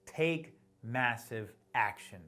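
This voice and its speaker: Male motivational sales coach, emphatic and exhorting, lively pitch swings. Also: takes it slowly. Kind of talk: motivational talk to camera.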